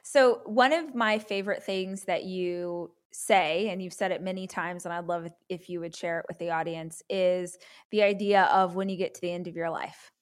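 A woman hosting a podcast, asking her guest a question in a measured, deliberate way. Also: fairly low pitch, steady tone. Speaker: podcast host. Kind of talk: podcast interview.

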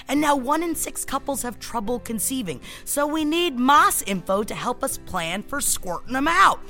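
A woman's voice: medium pitch, sharp tone. A woman co-hosting a podcast, chatting and reading an ad in a brash, comic, self-deprecating way. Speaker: podcast co-host. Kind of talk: casual chat and host-read ad.

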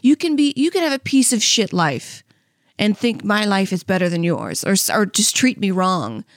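A woman's voice: mid-range voice, sing-song, normal speed, no echo, clean studio sound. Chatty woman rambling through funny stories. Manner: rambling storyteller, frequent laughs and fillers. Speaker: comedy podcast co-host. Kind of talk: casual rambling chat. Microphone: close studio mic.

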